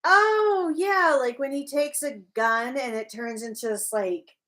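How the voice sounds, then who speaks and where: A woman co-hosting a casual livestream chat, animated and teasing. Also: high-pitched, measured pace. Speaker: livestream co-host.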